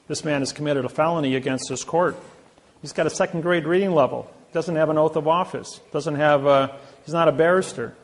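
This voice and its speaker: A man with a raised, gravelly voice addresses a live audience. He tells boastful stories, acting out the quotes of others as he goes. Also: fairly high pitch, brisk. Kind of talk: anecdotal lecture to a live audience.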